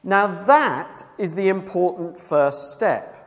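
A man's voice: fairly high pitch, expressive, moderate pace. Man preaching in a reverberant hall. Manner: emphatic, swings from loud cries to hushed, earnest tones. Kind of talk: sermon.

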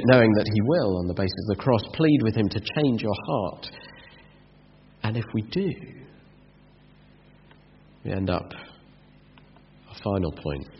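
A man's voice: lowish voice, slight background noise. A man preaching a sermon, earnest, with rhetorical questions and rising emphasis. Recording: dull lo-fi sound in a reverberant hall.

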